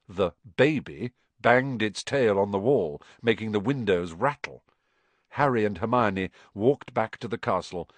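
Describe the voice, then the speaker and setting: A man with a fairly low voice narrates a storybook in a measured way. His pitch stays lively. The recording is dry and close. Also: no room sound. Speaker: audiobook narrator.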